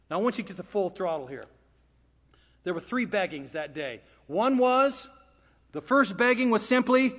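A male preacher with a high-pitched voice telling a story in casual, conversational sermon style, swinging between hushed and emphatic lines. His voice trails off into the long reverb of a church sanctuary. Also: lively intonation, normal speed.

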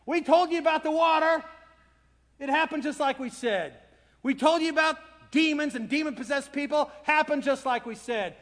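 A man's voice: very high voice, normal speed, a bit bright, voice pushed up. A man voicing a group of exasperated male disciples who grumble and complain in a whiny tone. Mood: told-you-so. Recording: long hall reverb.

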